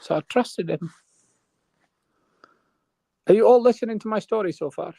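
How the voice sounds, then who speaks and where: A man's voice: high-pitched, moderate pace, creaky, dark tone, dry recording. A man telling a long rambling story on a live panel, checking in with his listeners. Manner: rambling, keeps checking in with "right?".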